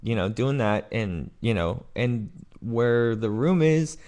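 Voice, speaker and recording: A man's voice: mid-range voice, animated, takes it slowly, darkish tone. A man co-hosting a casual live show, easygoing and agreeable as he chats and tells his story. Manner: easygoing, agreeable, laughs along. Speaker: co-host. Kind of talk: casual chat. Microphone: studio mic.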